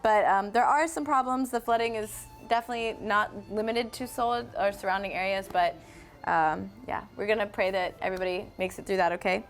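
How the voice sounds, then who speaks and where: A woman's voice: mid-range voice, fairly quick, faint music behind. A young woman hosts a casual live stream, chatting in a friendly, easygoing way. She reads viewer comments aloud and answers them as she goes. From North Carolina, USA. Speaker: host.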